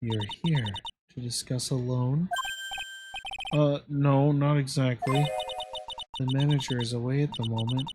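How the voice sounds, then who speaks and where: A man voicing a creepy woman clerk who speaks quietly and slowly. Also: mid-range voice, fairly even intonation, close to an everyday voice. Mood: eerie. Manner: quiet, slow, eerie. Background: loud game music.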